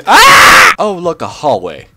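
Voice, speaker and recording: Excitable, shrieking gamer guy. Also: on the high side, moderate pace, over loud music. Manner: excitable, shouting, laughing, goofy voices. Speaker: gamer, channel host. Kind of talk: gaming commentary.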